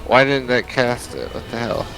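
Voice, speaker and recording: A man's voice: mid-range voice, steady tone, normal speed, music in the background. A man playing in a tabletop game, laid-back and given to mild swearing. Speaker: player. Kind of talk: casual tabletop game chat.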